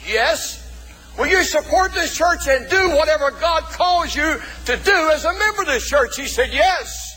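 High-voiced preacher. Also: male voice, sharp tone, low-quality recording. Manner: storytelling preacher, calls out to the congregation. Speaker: pastor. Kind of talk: sermon.

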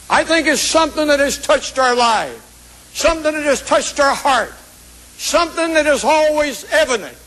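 A man's voice: very high voice, sharp tone, poor audio. A man preaching a sermon, telling a story in a rhythmic preaching cadence.

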